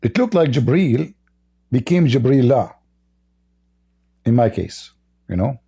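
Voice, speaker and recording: A middle-aged man with a dark, gravelly, husky voice hosts a casual livestream, and he is hoarse from hours of talking. He mocks and chuckles as he goes, and often stops to cough and clear his throat. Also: medium pitch, lively intonation, slow. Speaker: livestream debate host.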